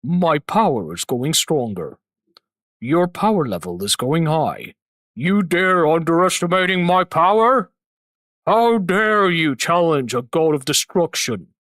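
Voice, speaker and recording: A man voicing an arrogant male god of destruction who boasts of his power in slow, threatening speech. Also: fairly high pitch, lively intonation, a bit bright, no echo, studio quality. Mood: menacing boastful.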